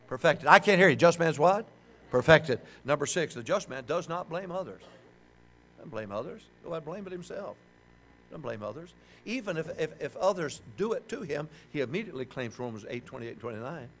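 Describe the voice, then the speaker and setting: A man's voice: fairly high pitch, fairly quick. An older man preaching a sermon, joking and calling on the congregation to answer back. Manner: joking, animated, call-and-response with the congregation.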